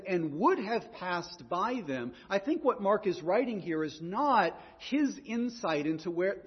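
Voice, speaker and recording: Husky high-voiced man preaching. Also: big-room sound, lo-fi sound. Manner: earnest, repeats words while preaching. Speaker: pastor. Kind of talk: sermon.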